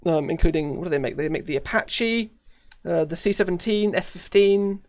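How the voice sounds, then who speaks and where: A man's voice: sits high, normal speed, a little mellow. A man with a British accent chatting casually while live-streaming a game, rambling with many fillers and frequent laughs. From United Kingdom.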